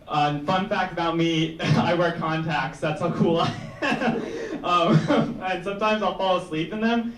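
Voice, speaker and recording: High-pitched young guy doing stand-up, chuckles a lot, heard from far in an echoey room. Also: slow pace, fairly bright tone, slight background noise. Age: young adult. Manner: rambling, chuckles through his own jokes. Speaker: stand-up comedian. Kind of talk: stand-up set. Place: small indoor comedy room with audience. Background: audience laughter.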